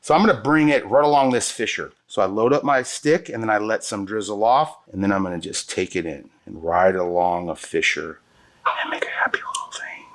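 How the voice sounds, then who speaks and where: Low-voiced enthusiastic man demonstrating craft techniques. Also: a little fast, hardly any pauses. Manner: enthusiastic, slangy, talks straight to viewers. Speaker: epoxy countertop instructor. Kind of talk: hands-on product demonstration.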